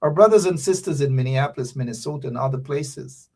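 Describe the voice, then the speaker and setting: A man's voice: medium pitch, brisk, darkish tone. Man preaching to his viewers. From Guyana. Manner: preachy, repeats phrases, addresses viewers directly. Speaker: show host. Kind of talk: casual live-stream sign-off.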